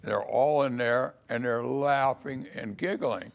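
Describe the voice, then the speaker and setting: With vocal fry and a medium pitch, an older man speaks slowly as he recounts his beginnings in law. His casual spoken memoir is storytelling in style, complete with acted-out voices for quoted lines.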